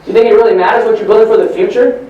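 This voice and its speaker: A man giving a live motivational talk, telling stories in an animated, preachy way at a training event in a large hall. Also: sits high, rapid-fire, dull audio. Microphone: far from the recording mic. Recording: echoey hall from far off.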